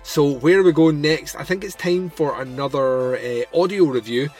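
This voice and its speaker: A man's voice: a little high, normal speed, darkish tone, soft background music. A man hosting a podcast, talking in a chatty, enthusiastic way with plenty of fillers. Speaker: podcast host. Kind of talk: casual podcast chat.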